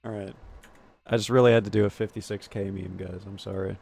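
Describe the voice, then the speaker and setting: A man streaming a game, reading its text aloud quickly and joking, swearing and laughing along. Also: lowish voice, little pitch movement, vocal fry, a little mellow, slightly rough. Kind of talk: casual gameplay commentary.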